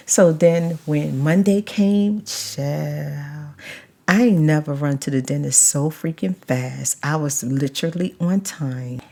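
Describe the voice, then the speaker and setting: A woman telling her own story on camera. She talks slowly in a lowish voice and draws words out for emphasis. She stays animated the whole way through. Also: vocal fry. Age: adult, mother of a child. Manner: animated retelling, drawn-out emphasis. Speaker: vlogger. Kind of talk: casual storytime.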